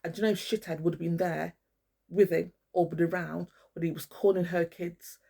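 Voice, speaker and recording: A woman's voice: lowish voice, steady tone, moderate pace, vocal fry, dark tone. An older woman, talking to camera in an angry, rambling monologue full of swearing, calling out people by name. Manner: swears a lot, rants, addresses people directly. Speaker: vlogger.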